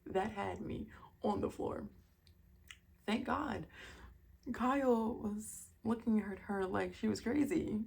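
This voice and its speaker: A woman casually recapping a reality TV episode, chatty and quick to laugh, with incredulous asides. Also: medium pitch, creaky, slight background noise.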